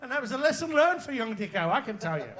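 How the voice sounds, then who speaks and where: Fifties guy telling a story on a panel show, high voice, swears a lot, really animated. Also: quick pace. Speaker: panel guest. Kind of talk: anecdote on a live panel show.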